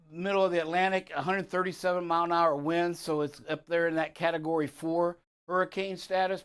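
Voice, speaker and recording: A man's voice: a little high, smooth. A man hosting a live talk show segment on trucking safety, talking loosely with lots of uh and um. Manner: loose, rambling, many fillers.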